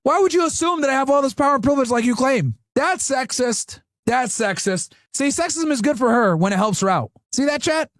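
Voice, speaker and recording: A man's voice: very high voice, lively intonation, fairly quick, few pauses, a bit bright, no room sound. A man rants through a reaction stream, mocking what he watches and swearing freely as he turns to his chat. His voice sounds dry and close, with almost no room around it. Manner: mocking, profane, talks straight to chat. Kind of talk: ranting reaction commentary.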